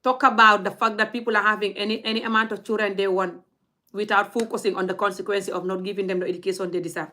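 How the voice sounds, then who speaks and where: A woman's voice: medium pitch, level tone, quick pace, pushed and bright. A young woman, scolding her audience in a blunt, heated rant straight to camera. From Gambia. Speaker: vlogger.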